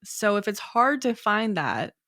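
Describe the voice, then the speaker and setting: A woman's voice: mid-range voice, very animated, a little slow, a bit bright, dry recording, clean studio sound. A woman co-hosting a podcast in casual chat, joking and slipping into put-on accents. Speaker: podcast co-host.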